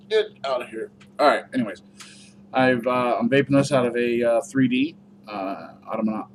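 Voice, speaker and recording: A man's voice: mid-range voice, moderate pace, slight background noise. A man giving a casual, rambling review vlog, chatty and full of fillers. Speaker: product reviewer.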